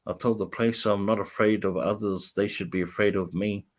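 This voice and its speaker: A man's voice: fairly low pitch, steady tone, moderate pace. Chatty man rambling on a livestream. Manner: rambling, chatty, laughs often. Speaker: vlogger host. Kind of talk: livestream chat reading comments.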